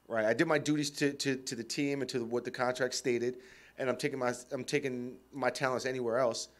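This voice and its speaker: A man's voice: medium pitch, steady tone, brisk. A man co-hosting a radio show, talking sports casually, rambling with lots of fillers and frequent laughter.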